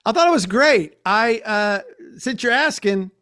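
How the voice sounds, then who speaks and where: A man's voice: high voice, animated, measured pace, bright, forceful tone. A man hosting a podcast interview over a video call, talking in an effusive, enthusiastic way and laughing easily. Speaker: podcast host. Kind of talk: casual interview chat.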